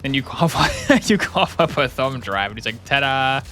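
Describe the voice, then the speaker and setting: Brief: young male streamer, bright, crisp tone, mid pitch, rambling sarcastic game commentary. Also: very animated, normal speed, soft background music. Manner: rambling, jokey, sarcastic asides. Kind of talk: casual commentary while gaming.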